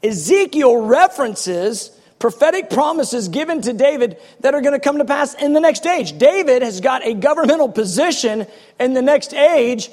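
High-voiced, passionate male preacher. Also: in a large hall. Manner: passionate, animated, quick bursts. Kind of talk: sermon.

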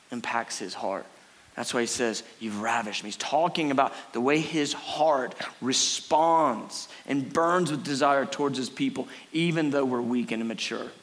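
A middle-aged man preaching a sermon on a church stage, animated and earnest, acting out little scenes for his listeners. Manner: animated, acts out a frantic crowd in a high put-on voice. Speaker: pastor. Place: church stage before a congregation.

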